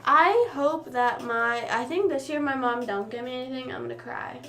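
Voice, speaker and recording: A woman's voice: sits high, moderate pace, pushed and bright, soft background music. A young woman streamer rambling casually to her live chat, self-deprecating and often trailing off. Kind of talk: casual chat with livestream viewers.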